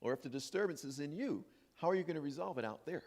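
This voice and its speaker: A man giving a sermon as minister, playful and animated, acting out imagined voices. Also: fairly high pitch, fast. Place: church sanctuary. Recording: long hall reverb.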